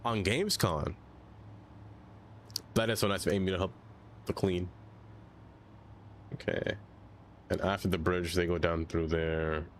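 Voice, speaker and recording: Low-voiced chatty male game streamer. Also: fairly even intonation, unhurried, long pauses, a little hiss or hum. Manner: rambling, chatty, easily sidetracked. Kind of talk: casual chat to stream viewers while playing.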